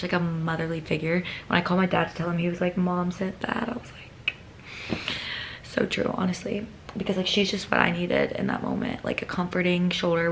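Gravelly-voiced young woman vlogger. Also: lowish voice, slight background noise. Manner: chatty, rambling, heavy use of "like". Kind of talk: casual storytelling to camera.

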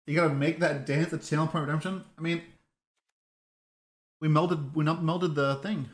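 A man's voice: fairly high pitch, fairly even intonation, normal speed, echoey room. A man casually commentating his own card game stream, muttering to himself and chatting loosely with viewers. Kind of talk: casual live gameplay commentary.

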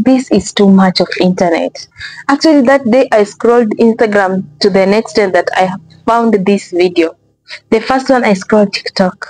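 A woman's voice: mid-range voice, dark tone, dry recording, poor audio. A woman hosting a reaction video, talking casually, exasperated and profane, often repeating herself.

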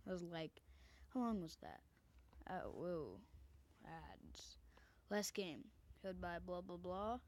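A woman commenting on a game she plays from her bedroom, often dropping into a whisper, into a desk microphone. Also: medium pitch. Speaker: gamer. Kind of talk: casual gameplay commentary.

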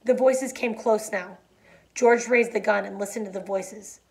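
A woman reads a novel chapter aloud in a quiet, even voice that drops low on the somber lines. When she finishes, she explains the ending in a chatty way, with fillers and restarts. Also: normal speed, gravelly. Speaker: teacher reading a novel aloud. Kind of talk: read-aloud and plain explanation.

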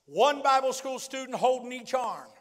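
A man with a West Virginian accent preaching a fervent Pentecostal sermon, telling a story with emphatic repetition and shouted declarations. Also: very high voice, expressive, normal speed. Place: large church sanctuary. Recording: long hall reverb from church PA.

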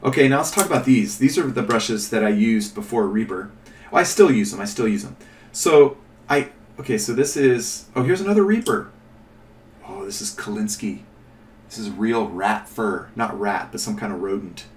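A lowish, expressive male voice at a normal speed talks through a casual miniature painting demonstration. He chats, muses aloud, wanders off topic and corrects himself, and the distant mic picks up the room's echo.

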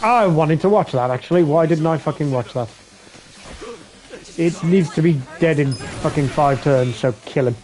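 A man commentating a live game stream, excitable and swearing heavily, jumping between yelps and mutters. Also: on the high side, moderate pace, faint music behind.

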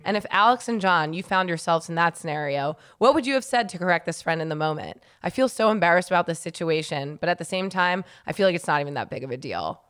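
A woman co-hosting a casual advice podcast, chatty and quick to laugh, reading listener letters aloud. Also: fairly low pitch, lively intonation, fairly bright tone, clear, resonant tone. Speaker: podcast co-host.

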